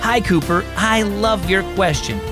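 A man's voice: high voice, measured pace, over music. A man hosting a children's devotional program, reading a story and teaching in a scripted narration. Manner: warm storytelling read, acts out character lines.

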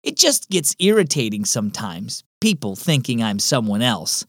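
A man's voice: mid-range voice, very animated, moderate pace, a bit bright, no echo, studio quality. A male narrator voicing a sulky young twin boy in a children's story, sighing and sarcastic. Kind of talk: storybook reading.

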